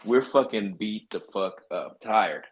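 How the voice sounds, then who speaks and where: A man casually telling a crude army story on a podcast, swearing constantly and animated. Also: fairly low pitch, takes it slowly. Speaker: podcast host.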